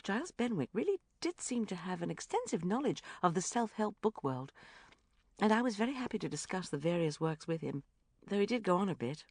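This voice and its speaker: Woman reading a lively first-person audiobook. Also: mid-range voice, fairly quick, no echo. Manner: wry, lively storytelling. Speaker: audiobook narrator.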